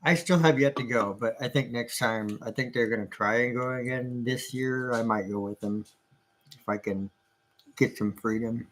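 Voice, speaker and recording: A relaxed woman with an unusually deep, low voice chats casually beside her friend. She is easygoing and laughs readily. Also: moderate pace. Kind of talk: casual chat.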